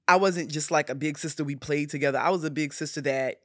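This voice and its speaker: A woman's voice: deep voice, steady tone, fast talker, no echo, clean studio sound. A middle-aged woman, the guest and older sister, talking in a casual podcast conversation, earnest and emotional, drawing out her phrases.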